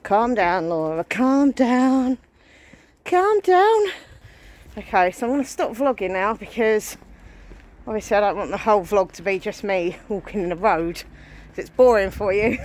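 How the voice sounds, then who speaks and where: A woman's voice: medium pitch, slight background noise. A woman in her thirties filming a casual vlog while walking down a street, out of breath and anxious. She sounds chatty and self-deprecating, with frequent sighs. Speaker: vlogger. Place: outdoors on a residential street, walking.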